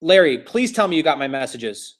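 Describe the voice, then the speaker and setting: A man voicing a flustered, apologetic female real estate receptionist, speaking in a hurried way. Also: a little high, sing-song. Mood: anxious.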